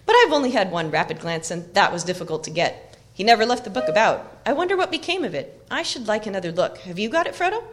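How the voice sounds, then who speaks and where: A woman voicing a clever, loyal young male hobbit in an audiobook reading, brisk and confiding. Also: mid-range voice, sing-song, background noise, pitched above the performer's own voice, natural voice.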